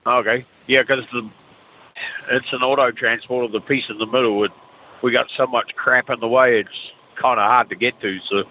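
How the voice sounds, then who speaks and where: A man's voice: medium pitch, fairly even intonation, moderate pace, a little hiss or hum. A man calling in to a talk show, talking in a rambling, hesitant way. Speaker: caller. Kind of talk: phone-in chat. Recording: phone-like narrow sound.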